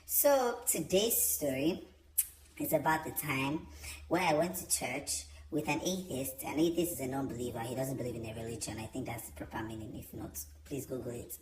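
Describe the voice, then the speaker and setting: A young man telling a storytime vlog, chatty and animated, with many fillers. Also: medium pitch, normal speed, background noise. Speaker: vlogger. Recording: roomy echo.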